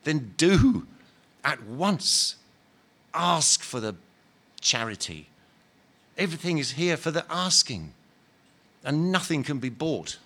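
A man voicing a gentle, humble spirit. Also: on the high side, slow, pauses often, heavily acted. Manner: calm, soft, earnest and patient. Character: gentle, humble male spirit, former murderer, patient. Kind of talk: dramatic reading of a novel.

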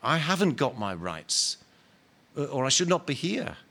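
A self-righteous male ghost, put on by a man reading a story aloud, sounds indignant and stubborn. His talk is blunt and ungrammatical, full of grievance. The voice sits somewhat higher and pushier than the reader's own. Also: sing-song, unhurried, bright, forceful tone, full character voice. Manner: indignant, insistent, ungrammatical working-class talk. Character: bitter aggrieved male ghost, former workman, self-righteous. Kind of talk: dramatic reading of a novel.

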